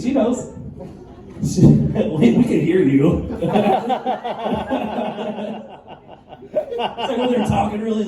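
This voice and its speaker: A man's voice: sits high, mellow. A man doing a stand-up comedy set, telling crude stories in a laid-back, profane way. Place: live comedy venue with audience. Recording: echoey room, mic heard from far, crowd noise.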